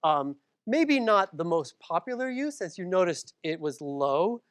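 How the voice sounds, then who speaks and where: A woman's voice: lowish voice, very animated, unhurried. A woman from Massachusetts giving a public library lecture, conversational, with frequent ums and asides to the audience.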